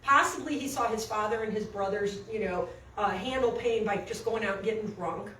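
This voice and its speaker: A woman telling a story in a coaching session, animated and acting out quotes, recorded off-mic in an echoey room with faint noise. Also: mid-range voice, brisk, far from the mic.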